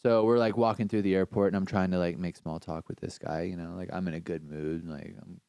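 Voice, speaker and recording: A man telling a story as a podcast guest, animated and slangy, swearing freely. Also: deep voice, a little fast, clear, resonant tone, no room sound. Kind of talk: casual storytelling.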